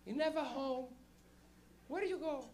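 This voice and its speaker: A woman's voice: sits high, moderate pace, a little mellow, pitched above the performer's own voice, close to an everyday voice. A man voicing a tiny Portuguese immigrant mother with a Portuguese accent, nagging in broken English in a stand-up bit. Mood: coaxing. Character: tiny scolding immigrant mother, middle-aged. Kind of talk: stand-up comedy impression.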